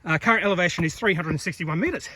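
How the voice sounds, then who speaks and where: Filming himself on an outdoor rainforest trail, a hiking vlogger narrates casually in a high, rapid-fire voice that's pushed and bright. He's chatty and rambling, with lots of fillers and self-corrections, and there's slight background noise.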